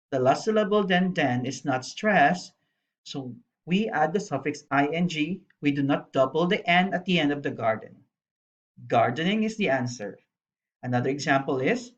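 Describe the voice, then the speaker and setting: Female primary teacher, unhurried and patient, recorded lesson narration with a slightly muffled sound. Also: low-pitched. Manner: slow, spells letters out, explains patiently. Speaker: primary school English teacher. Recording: dull lo-fi voice-over.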